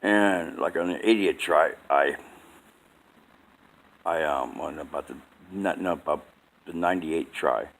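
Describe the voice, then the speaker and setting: A man's voice: extremely low pitch, measured pace, gravelly, long pauses, fairly bright tone. A man telling a rambling story at home at bedtime, casually, repeating himself and saying "man" a lot.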